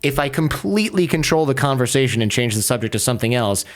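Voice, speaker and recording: A man being interviewed, telling a story in a lively, casual way and peppering his speech with "like". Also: mid-range voice, fast talker. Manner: animated, acts out quoted voices, many filler "like"s. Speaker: podcaster guest.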